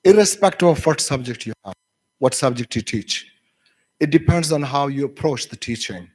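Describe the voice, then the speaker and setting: A man's voice: medium pitch, lively intonation, normal speed. A man lecturing university teachers, telling classroom stories with many fillers and restarts and acting out his students' voices. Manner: acts out students' voices when quoting.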